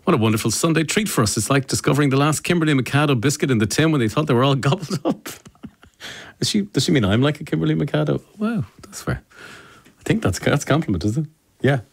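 A man's voice: on the high side, animated, fast talker, gravelly, slightly rough. A man with an Irish accent presenting a radio show, reading out listener messages in a chatty, easygoing way. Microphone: studio microphone.

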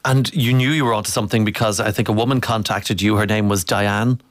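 A man hosting a radio interview, conversational and brisk. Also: fairly low pitch, fairly even intonation, dry recording. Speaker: radio host.

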